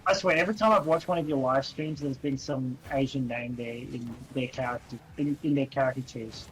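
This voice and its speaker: A man's voice: medium pitch, a little fast, a bit bright, slight background noise, poor audio. A young man co-hosting a podcast in casual, joking chat, teasing his friend. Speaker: podcast co-host.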